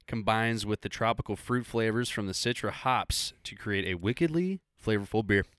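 A man's voice: fairly low pitch, normal speed, a bit bright, clean tone, no echo, studio quality. A man co-hosting a casual beer-tasting podcast, rambling and restarting his sentences. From Nebraska, USA. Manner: hesitant, rambling with many restarts. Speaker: podcast co-host.

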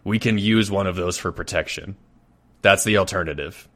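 Male player, very low voice, earnest and animated in debate. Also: moderate pace. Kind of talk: playing a tabletop game in character.

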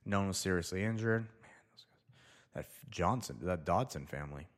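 A young man hosts a casual solo podcast, rambling loosely and talking to himself as he reads through items. His voice is low-pitched and fairly quick.

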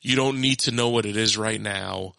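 A man's voice: on the low side, moderate pace, gravelly, no echo. A man in his thirties telling a family story in casual chat, acting out quotes and laughing often. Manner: animated, laughing, acts out quotes.

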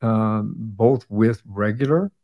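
A man's voice: fairly low pitch, takes it slowly, mellow. A man hosting a podcast, recapping past episodes in a casual chat with fillers and restarts, sounding tired. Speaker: podcast host.

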